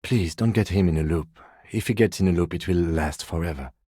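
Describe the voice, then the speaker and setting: An actor playing a reserved, precise middle-aged police lieutenant in a video game, speaking in a measured, formal, dry way. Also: male voice, deep voice, mellow, slightly rough, no room sound. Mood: calm, formal. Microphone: close studio mic.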